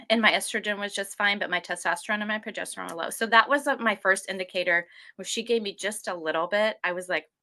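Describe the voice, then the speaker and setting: A fast-talking woman in her forties with a mid-range voice describes her health story in a casual interview. Her delivery is rambling and animated, and she plays out what people said to her.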